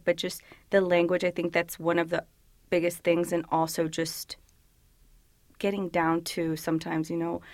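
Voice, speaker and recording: A woman police officer, born in the United States to parents from El Salvador, answers interview questions casually. She's chatty, says "you know" a lot, and acts out the people she quotes, her lowish voice captured in a dry recording.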